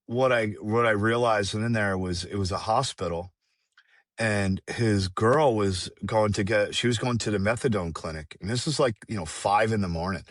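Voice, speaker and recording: A man's voice: lowish voice, fairly bright tone, no echo, studio quality. A middle-aged man telling a candid personal story, rambling and profane, with frequent restarts. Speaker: guest singer.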